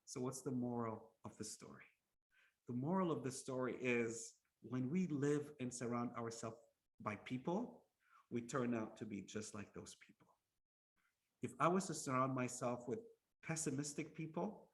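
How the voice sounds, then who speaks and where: A man giving a storytelling sermon as an Islamic lecturer, lively, often restarting his words and acting out the quotes. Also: medium pitch, normal speed.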